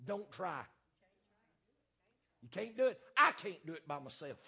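A man preaching a fiery sermon as pastor, hammering points through repetition and filling pauses with "uh" and "um". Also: sits high, big pitch swings, gravelly, pushed and bright, breathy edge.

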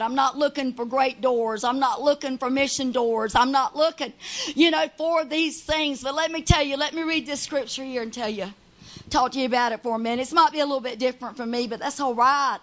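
Woman, high-pitched, fervent preacher, shouting, praying with "God, Lord" interjections. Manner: fervent, shouting, punctuated with hallelujahs. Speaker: lay preacher. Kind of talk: Pentecostal-style sermon and prayer.

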